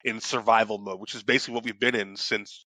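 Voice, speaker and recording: A man's voice: lowish voice, steady tone, quick pace, sharp tone, no echo. A young adult man co-hosting a podcast, talking in a loose, rambling way, cursing freely and restarting his sentences. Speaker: podcast co-host. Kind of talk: casual chat.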